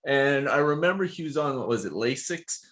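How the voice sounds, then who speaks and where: A man's voice: medium pitch, expressive, fairly quick, fairly bright tone. A man, a physical therapist co-hosting a podcast, telling stories casually with lots of fillers and laughter. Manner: laughs a lot, rambling with many fillers.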